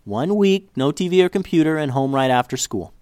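A calm, fair mother laying down the rules in a storybook, read by a man in his own voice. Her speech is measured and gently firm, with a lively rise and fall. The recording is dry. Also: on the high side, smooth, dry recording, voice pushed up, lightly acted.

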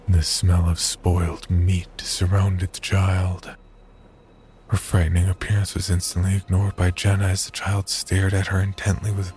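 A man reads a horror story in a very low voice that barely moves in pitch. His delivery is slow, measured and somber, with faint music playing underneath. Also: darkish tone. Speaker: narrator. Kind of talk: scripted horror story narration.

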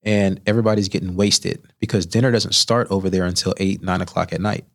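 A man's voice: low-pitched, quick pace. A man, a chef and interview guest, telling stories in a podcast studio and acting out the people he quotes. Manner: animated storyteller who acts out quoted voices. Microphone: studio microphone.

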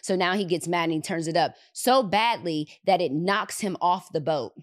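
Animated woman retelling a movie. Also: on the low side, moderate pace, no echo, studio quality. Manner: animated, repeats words for emphasis. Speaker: podcast host. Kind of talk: retelling a movie in casual chat.

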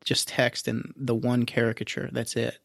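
A man's voice: mid-range voice, completely flat delivery, moderate pace, vocal fry, dry recording, studio quality. A man co-hosting a podcast, swearing freely in laid-back, casual chat. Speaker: podcast co-host.

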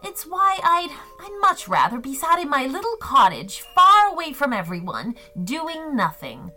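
A grumbling, self-doubting old witch, put on by a woman storyteller. She huffs in a bright, lively voice and takes her time, over soft music. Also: sits high, a little slow, pitched above the performer's own voice, full character voice. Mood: sad. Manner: grumbling, huffy, then sad.

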